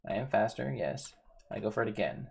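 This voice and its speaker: A man's voice: lowish voice, expressive, fairly quick, creaky, darkish tone, slightly rough. A man giving casual gameplay commentary, thinking aloud, repeating himself and talking to his game characters. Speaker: gaming YouTuber.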